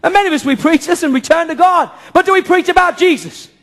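A man preaching a sermon to a church congregation, impassioned, firing off rhetorical questions and breaking into shouts. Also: very high voice, quick pace, gravelly. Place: church service before a congregation.

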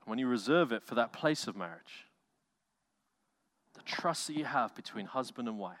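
A male pastor preaching a sermon with animated delivery, swinging from loud bursts to quiet, low lines and acting out quotes. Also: moderate pace, dry recording. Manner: animated preaching with acted-out quotes, loud swells and soft drops.

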